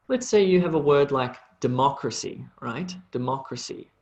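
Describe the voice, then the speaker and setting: A man teaching a live online English lesson, reading out student questions and demonstrating sounds slowly and repeatedly in a relaxed, chatty way. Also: fairly high pitch, poor audio.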